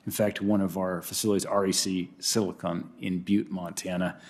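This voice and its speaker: A man, a senator, with a somewhat low voice questions a nominee at a formal hearing. He talks briskly, like someone pressed for time. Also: level tone, darkish tone.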